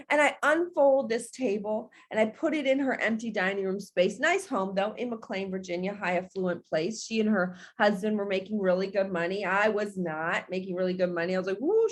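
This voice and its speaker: A woman giving a casual motivational talk to her direct sales team, chatty and animated, laughing often and talking straight to her listeners. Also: medium pitch. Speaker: direct sales business coach.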